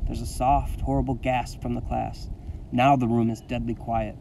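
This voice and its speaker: Gravelly man reading a story aloud. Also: mid-range voice, normal speed, far from the mic, slight background noise, low-quality recording. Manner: expressive, dramatic first-person reading. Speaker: teacher reading to his class.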